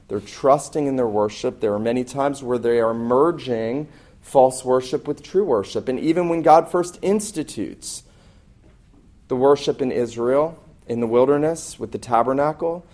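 A man's voice: mid-range voice, measured pace, a little mellow. Earnest man preaching a sermon. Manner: earnest, emphatic preaching with frequent restarts. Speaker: pastor.

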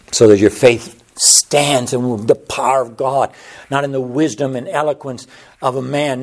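A man preaching a sermon, building passion through repeated phrases and Bible quotations. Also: darkish tone. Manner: impassioned, rising pitch on repeated phrases.

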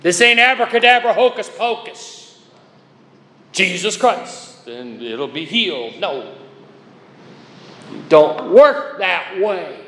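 A man's voice: high voice, sing-song, slow, long pauses, fairly bright tone. A man preaching a chapel sermon in a folksy, emphatic way, spelling out words to make his point. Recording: echoey chapel with long reverb.

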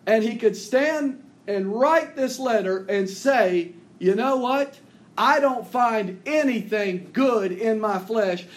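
A pastor preaches a sermon earnestly and slowly, reading scripture aloud with rising emphasis. His phrases drop low and soft at their ends.

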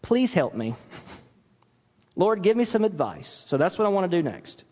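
A pastor delivers a sermon in a church sanctuary, his slightly high voice very animated, rising and falling as he hammers home each point at a normal speed. To make his case he acts out little quoted apologies, and the hall's long reverb trails behind his words.

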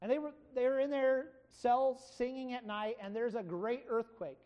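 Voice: mid-range voice, steady tone, moderate pace, dull audio. A Bible study teacher giving an informal lesson, talking conversationally, correcting themself and retelling scripture in casual everyday paraphrase.

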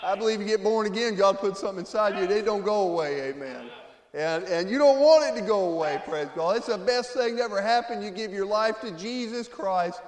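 A Floridian man serving as guest preacher delivers an emotional testimony sermon, his voice sitting high and moving briskly as it sinks to a hush and then climbs to loud cries. The recording carries the long, echoing reverb of a church sanctuary.

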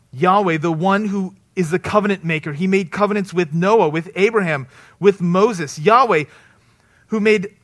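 Conversational preacher with a fairly high voice. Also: male voice. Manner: conversational preaching, rising loud for emphasis and dropping low and soft; tags points with "right?". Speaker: pastor. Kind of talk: sermon.

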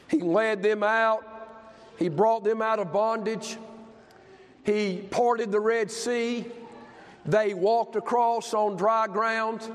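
A grandfather in his fifties preaching a sermon as pastor, with a fervent delivery that rises and falls. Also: high voice. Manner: fervent, rising and falling preaching cadence. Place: church sanctuary. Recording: long hall reverb.

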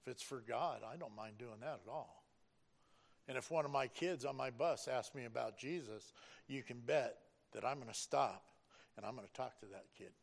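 A man's voice: medium pitch, moderate pace, gravelly. A middle-aged man giving an earnest, preacherly personal testimony about driving a school bus.

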